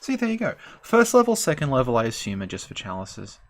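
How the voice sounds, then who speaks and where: A woman's voice: very deep voice, wildly swooping pitch, quick pace, a little hiss or hum. A woman co-hosting a live stream, talking casually about game lore in a rambling, hesitant way with many fillers.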